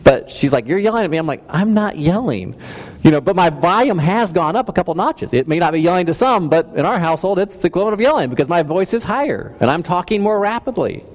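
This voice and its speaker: A man's voice: high-pitched, lively intonation, fast talker, few pauses. Man preaching in a reverberant hall. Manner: conversational, self-deprecating, many restarts and stammers. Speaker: pastor. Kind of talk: sermon. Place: church hall.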